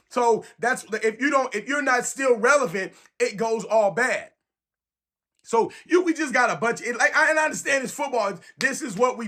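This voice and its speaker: A man's voice: extremely high pitch, a little fast. A man from San Francisco, ranting casually and emphatically to camera as a sports fan, repeating his points. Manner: animated, emphatic, repeats phrases.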